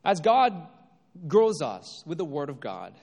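Animated male preacher in a reverberant hall. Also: fairly high pitch, slow. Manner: emphatic, rises and drops for effect. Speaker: pastor. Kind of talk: sermon.

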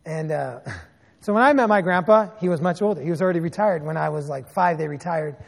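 A man in his thirties with a fairly high, creaky voice preaches a sermon as a pastor, telling lively stories at a brisk clip and throwing in sarcastic remarks. His words echo with a long reverb, like in a church hall.

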